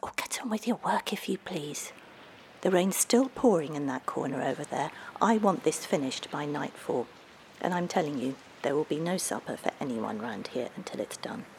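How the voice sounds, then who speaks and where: A woman's voice: sits low, animated, normal speed, vocal fry, a little mellow, a little hiss or hum. A woman putting on a grumbling, scolding peasant mother. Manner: grumbling, impatient, nagging.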